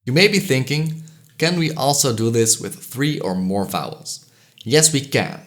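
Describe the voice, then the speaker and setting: A man giving a scripted educational voice-over, explaining pronunciation clearly and slowly sounding out example vowels. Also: medium pitch, sing-song. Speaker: language educator.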